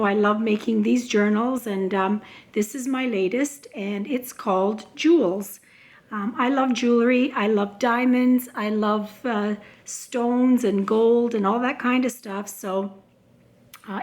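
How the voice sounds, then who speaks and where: A woman with a slightly high voice that is going hoarse, talking in a relaxed show-and-tell way. She rambles warmly through her craft work, padding her sentences with ums and uhs and restarting her thoughts. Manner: chatty, many filler words and restarts. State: losing her voice. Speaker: crafter showing her handmade journal. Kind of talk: casual show-and-tell vlog.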